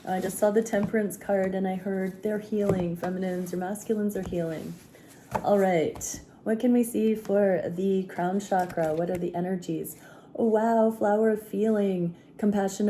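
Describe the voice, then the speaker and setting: Hoarse woman giving a tarot reading. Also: mid-range voice, moderate pace, a little hiss or hum. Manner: calm, searching, prayerful. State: hoarse from a sore throat. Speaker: tarot reader.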